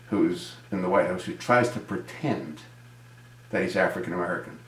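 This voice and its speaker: A man with a low voice delivers an indignant political monologue, firing off rhetorical questions and answering them himself. His voice rings in an echoey room, recorded at home. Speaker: video commentator.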